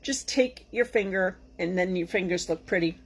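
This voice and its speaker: A woman's voice: on the low side, moderate pace, slightly rough. Chatty Boston-accented woman crafting. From Boston area. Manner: chatty, bubbly, rambling asides to viewers. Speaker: craft tutorial host. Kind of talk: casual live craft tutorial.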